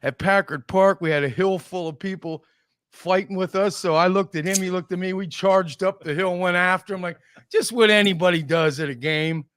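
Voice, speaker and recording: Fairly quick and smooth, this middle-aged man's high voice carries his talk show's casual storytelling, as he acts out stories with quoted voices and frequent laughter.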